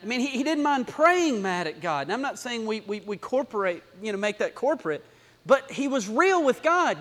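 A man's voice: very high voice, sing-song, normal speed, a bit bright. A male pastor preaching a sermon, talking animatedly, repeating phrases and building to emphatic bursts. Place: church sanctuary. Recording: long hall reverb.

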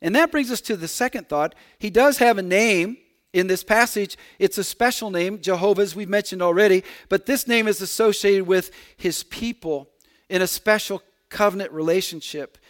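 Man, middle-aged, pastor, sermon, higher voice, earnest, restarts with repeated words. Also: moderate pace.

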